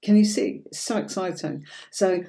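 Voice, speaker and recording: A woman's voice: on the low side, moderate pace, vocal fry, warm tone. A woman from Yorkshire with a faint Yorkshire accent, teaching tarot on a livestream in a chatty, reassuring way and calling viewers darling. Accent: light Yorkshire English. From Yorkshire, England.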